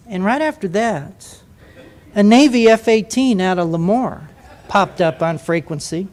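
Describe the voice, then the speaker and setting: An older man, a retired jet pilot, telling a story to a live audience in an animated way, breaking into quoted voices. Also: sits high, moderate pace. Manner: animated, acts out radio voices and asides.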